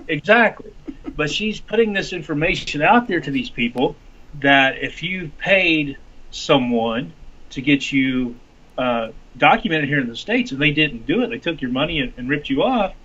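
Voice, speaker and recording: Guy running for congress, kinda high voice, storytelling with lots of restarts, dull lo-fi sound. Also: moderate pace. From Arkansas. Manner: animated storytelling with many restarts. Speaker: congressional candidate. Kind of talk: casual interview talk. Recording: lo-fi dull audio.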